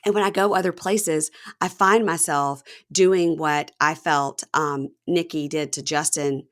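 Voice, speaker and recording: A woman hosts a casual podcast, breaking down reality TV episodes in a chatty, gossipy way. Her voice sits a little low for a woman. She slips into other people's voices when she quotes them. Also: fairly even intonation, unhurried, few pauses. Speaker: podcast host. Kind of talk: casual reality TV recap chat.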